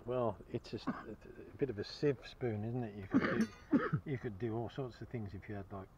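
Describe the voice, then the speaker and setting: A man's voice: medium pitch, normal speed, darkish tone, lo-fi sound, a little hiss or hum. A man chatting cheerfully to the camera as he metal-detects outdoors, chuckling and enthusiastic about each find. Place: outdoors in a field.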